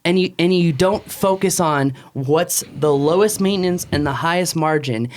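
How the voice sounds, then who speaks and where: A man in his thirties co-hosting a podcast, talking in an animated, emphatic way as he gives business advice in casual chat. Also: a little high, normal speed. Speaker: podcast co-host.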